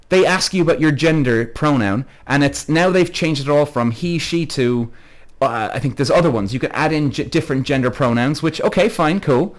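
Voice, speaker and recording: A man hosting a podcast live-streamed to an online audience. He reads out viewers' comments, greets them by name, rambles and swears freely as he gets heated. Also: a little high. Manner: chatty, addresses viewers by name. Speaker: podcast host.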